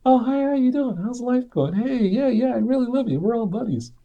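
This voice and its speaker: A falsely cheerful man chirps out a greeting in a high, sugary voice, as a man puts him on. The friendliness sounds hollow and forced, and the pitch sits far above his usual speaking voice. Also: expressive, fairly quick, lo-fi sound. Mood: fake-cheerful.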